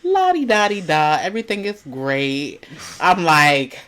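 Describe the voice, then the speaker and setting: A woman's voice: very deep voice, animated, moderate pace, fairly bright tone, a little hiss or hum. A woman hosts a reaction video in loose, casual commentary. She talks bluntly, swears freely and sounds indignant.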